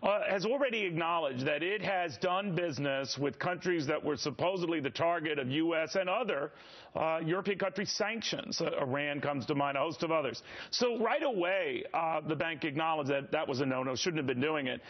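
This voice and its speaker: A man's voice: on the high side, brisk, lo-fi sound. A man hosting a cable news panel, wry and joking, often cutting in on his guests. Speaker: TV news host.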